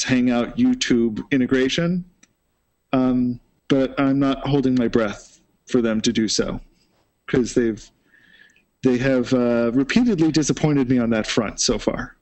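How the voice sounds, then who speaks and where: A man's voice: medium pitch, unhurried, a little mellow. Brief: an opinionated male host who thinks aloud with many fillers. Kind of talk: casual panel chat.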